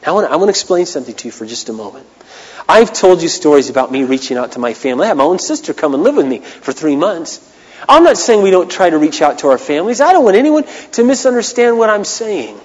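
A man preaching a sermon as a pastor, impassioned, swinging between loud declarations and hushed asides. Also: sits high, long reverb tail, poor audio.

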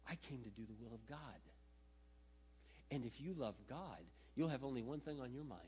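A man preaching a sermon as a pastor, swinging between hushed, tender passages and loud, impassioned outbursts. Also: mid-range voice, moderate pace, long pauses, slight background noise. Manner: emotional, swings from hushed to shouting. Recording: muffled, with a long hall echo.

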